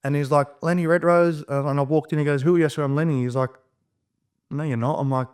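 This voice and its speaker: A man in his thirties talks quickly as a podcast guest. He tells his story in a casual, profane way and acts out every bit of dialogue with energy. His voice sits in the middle range. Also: mid-range voice, clean tone. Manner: rapid, animated, profane storytelling, acting out quoted dialogue.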